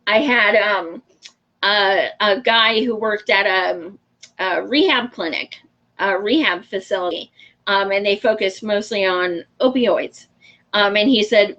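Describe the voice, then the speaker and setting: On a casual livestream, a show host answers viewer comments, talking frankly and at length while laughing a lot and swearing freely. She has a mid-range, slightly bright voice and a measured pace, though the audio is dull.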